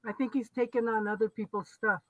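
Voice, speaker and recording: A woman who is a tarot reader, reading oracle card messages aloud in a calm, measured way. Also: fairly high pitch. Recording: dull, slightly distant mic.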